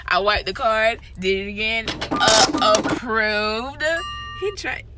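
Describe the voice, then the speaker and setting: A woman's voice: on the high side, slow pace, over loud music. A young woman chatting to her viewers in a casual vlog, giggly and talkative, calling them y'all. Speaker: vlogger. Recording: noisy street and car sound.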